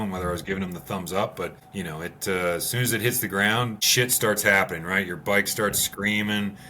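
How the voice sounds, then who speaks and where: A deep-voiced man recounts desert rally stories in a relaxed, meandering way, leaning on "you know" and "right". His tone is bright and forceful. A faint noise sits under the voice. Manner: relaxed storyteller, many fillers like "you know". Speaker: former rally racer and guest. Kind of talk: casual conversation.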